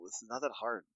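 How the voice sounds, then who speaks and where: A man co-hosting a podcast in casual chat, hesitant and stop-start, then breaking into excited, laughing retellings. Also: medium pitch, no echo, muffled recording. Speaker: podcast co-host.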